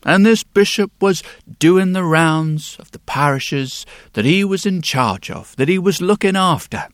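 Male storyteller, unhurried with dramatic pauses, slightly higher voice, dry booth-like sound. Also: lively intonation, no echo. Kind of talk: told folk tale.

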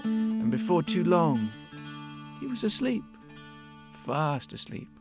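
A man telling a folk tale in a lively, expressive way, often repeating phrases. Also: on the high side, slow. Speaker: storyteller. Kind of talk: oral storytelling. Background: soft guitar.

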